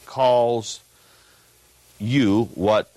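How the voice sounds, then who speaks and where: A man preaching an emphatic sermon in a church, reading a text aloud and swinging between loud peaks and low asides. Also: steady tone, very slow, no room sound, poor audio.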